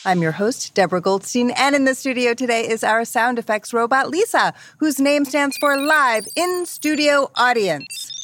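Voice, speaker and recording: A woman's voice: fairly high pitch, animated, normal speed, hardly any pauses, fairly bright tone, no echo. A woman hosting a kids' podcast game show in a playful, punning way, laughing easily.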